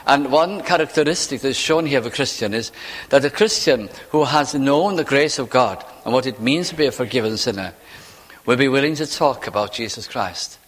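A man preaching a sermon in a church, talking in a conversational way with rhetorical questions and slowing down to quote scripture. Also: medium pitch. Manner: slows for scripture quotations. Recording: reverberant hall.

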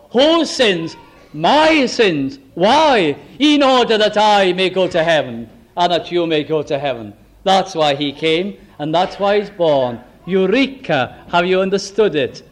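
A man preaching a sermon with fervour, asking the listeners question after question and slowing right down to stress key phrases. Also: high voice. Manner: fervent, asks the listeners many rhetorical questions.

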